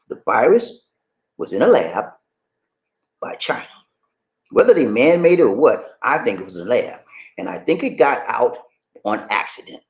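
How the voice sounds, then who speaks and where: Chatty New man with a lively voice. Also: mid-range voice. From New York. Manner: loose and chatty, repeats phrases, chuckles often. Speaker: livestream host. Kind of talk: casual livestream chat reading viewer comments.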